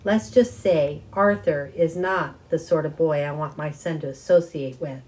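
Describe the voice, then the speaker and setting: Woman doing strict angry mom, cold and scolding, warm low tone. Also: measured pace, poor audio. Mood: stern, cold. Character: angry strict mother, middle-aged woman.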